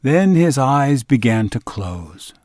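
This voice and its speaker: A man reading a children's story aloud, slow and expressive, in a storytelling manner. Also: mid-range voice, dry recording, clean studio sound. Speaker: narrator.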